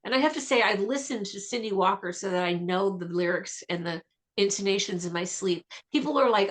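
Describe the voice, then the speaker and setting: A woman vocalist talking as a guest in a radio interview, chatty and enthusiastic with quick asides. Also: mid-range voice.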